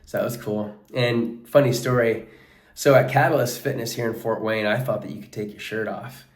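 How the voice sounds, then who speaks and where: A man's voice: medium pitch, steady tone, normal speed, echoey room. A man talking casually as a coach in a vlog, earnest and full of "like" and "bro", sweaty after a workout. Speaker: wrestling coach and life coach.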